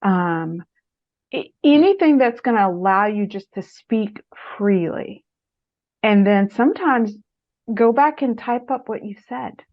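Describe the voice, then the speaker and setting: Woman guest, middle-aged, lively storyteller who acts out quotes, slightly dull lo-fi sound, average pitch. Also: a little slow. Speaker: author and guest speaker. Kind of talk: conversational interview advice. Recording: muffled lo-fi audio.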